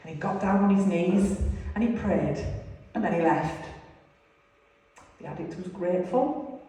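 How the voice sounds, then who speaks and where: A woman's voice: on the low side, measured pace, warm tone. Woman sharing her recovery story as a sermon, heartfelt, super echoey hall. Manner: earnest, storytelling, confessional. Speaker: recovery ministry speaker. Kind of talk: testimony sermon. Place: large hall. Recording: echoey hall, distant mic.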